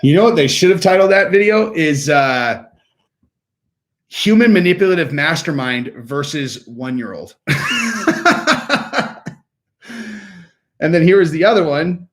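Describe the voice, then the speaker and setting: A man's voice: fairly high pitch, lively intonation, moderate pace. A man hosting a casual livestream, talking in a rambling way full of fillers, restarts and "like". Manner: rambling, filler-heavy talk with frequent "like" and restarts. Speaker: livestream host.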